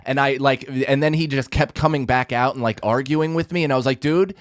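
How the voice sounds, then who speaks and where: A man's voice: medium pitch, fairly even intonation, brisk, dry recording, studio quality. A man on a podcast mic telling a heated, profanity-laced story in casual chat, acting out what people said. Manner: heated, profane, acts out quotes.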